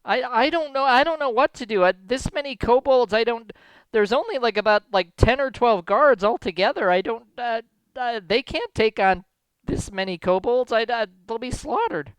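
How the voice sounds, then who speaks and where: A man's voice: extremely high pitch, lively intonation, normal speed, fairly bright tone, clean tone, dry recording, pitched above the performer's own voice, low-quality recording. A man voicing a terrified town mayor who stammers and panics in a tabletop game. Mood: panicked.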